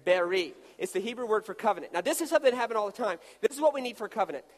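A man's voice: sits high, racing. A man preaching a sermon, joking with volunteers as he acts out a demonstration. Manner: animated, jokey storytelling with volunteers. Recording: long hall reverb.

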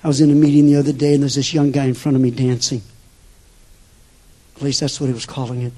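An older man preaching a sermon as a pastor, telling stories with sudden shifts between loud bursts and hushed asides. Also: medium pitch, flat delivery, fast talker.

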